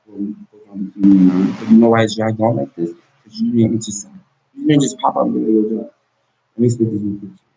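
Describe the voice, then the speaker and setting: A man's voice: on the low side, fairly even intonation, a little fast, creaky, warm tone, slightly rough. A man talking straight to the camera in an intense monologue, pleading and confrontational, often repeating and restarting his words. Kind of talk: emotional direct-to-camera monologue. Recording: dull lo-fi recording.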